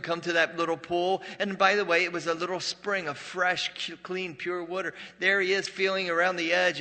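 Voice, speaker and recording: A man preaching a sermon as pastor, a joking, conversational storyteller who drops to a hush for dramatic moments. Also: fairly high pitch, gravelly, in a large hall.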